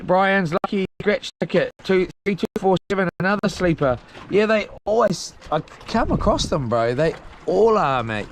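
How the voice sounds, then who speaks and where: A young man with a New Zealand accent talks on a live stream from a small boat at sea. He reads out viewer comments in a slangy, rambling way, in a high voice that takes its time. A faint hiss sits behind him. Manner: laid-back, slangy, rambling with fillers. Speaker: livestreamer.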